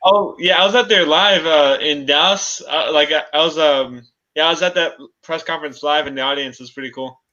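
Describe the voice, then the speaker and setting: A man's voice: fairly high pitch, brisk, few pauses, pushed and bright, lo-fi sound. A man joining a live MMA preview show, talking hesitantly and laughing often. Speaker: podcast guest panelist. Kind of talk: casual MMA chat.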